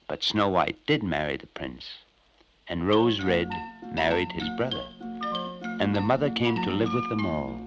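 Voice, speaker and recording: Man, fairy-tale narrator, very animated pitch, bright voice, light music behind. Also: moderate pace, poor audio. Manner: animated, expressive. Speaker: storyteller.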